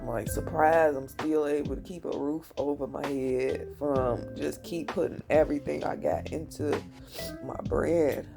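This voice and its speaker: A woman with a hoarse voice who runs a small business, speaking wearily and candidly to camera. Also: low-pitched, steady tone, a little slow. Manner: weary and candid. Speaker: small business owner and vlogger. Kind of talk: heartfelt talk to camera. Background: music.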